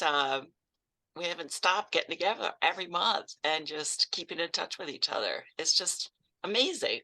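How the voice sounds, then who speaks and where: Lady w a northeast accent, super bright tone, chatty and upbeat on a podcast. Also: low voice, vocal fry, poor audio. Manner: warm, enthusiastic, laughs easily. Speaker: podcast co-host. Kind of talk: casual podcast chat.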